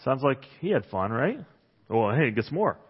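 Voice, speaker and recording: A man's voice: mid-range voice, very animated, normal speed, breathy edge. A man preaching a sermon in a church hall, conversational and joking, reading Bible passages aloud. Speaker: pastor. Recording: muffled sound with long hall reverb.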